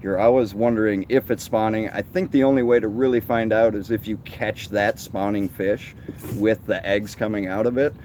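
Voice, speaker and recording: A man's voice: on the low side, fairly even intonation, moderate pace, darkish tone, a little hiss or hum. A man co-hosting a live fishing stream outdoors at night, asking questions and chatting loosely about catfish spawning. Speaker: fishing show co-host. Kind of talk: casual live-stream chat.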